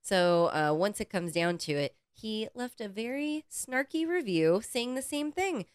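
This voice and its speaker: A woman co-hosting a podcast, telling a story in casual, animated chat and swearing freely. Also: mid-range voice, measured pace, clean tone, no echo, studio quality. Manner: animated, profane, acts out quoted people. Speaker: podcast co-host.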